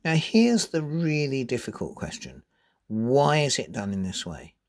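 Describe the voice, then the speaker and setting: A man giving a spoken lesson on poetry, reading verse aloud and stressing syllables deliberately to show rhythm. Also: mid-range voice, big pitch swings, darkish tone. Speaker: poetry teacher.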